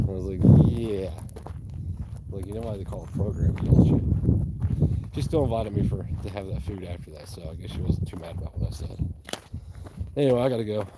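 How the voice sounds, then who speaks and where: A man's voice: low voice, fast talker. A man from East Tennessee, chatting bluntly and profanely as he works on a job site. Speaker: handyman vlogger. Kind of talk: casual chat while working. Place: outdoors at a rural work site. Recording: loud outdoor background noise.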